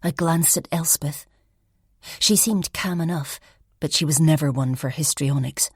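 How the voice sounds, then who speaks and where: Low, husky woman narrating an audiobook. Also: unhurried, no room sound, studio quality. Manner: soft, reflective, often near a whisper. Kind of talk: scripted first-person narration.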